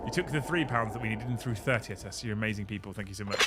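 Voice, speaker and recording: A man's voice: on the low side, very fast, loud music behind the voice. A young man hosting a live stream, thanking viewers, joking, swearing and laughing often. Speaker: livestream host. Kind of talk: casual live-stream chat.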